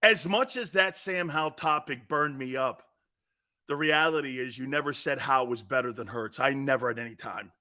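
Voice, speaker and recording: A man's voice: medium pitch, normal speed, sharp tone. A man hosting a sports talk show, ranting with emphatic, combative opinions and repeating himself for emphasis.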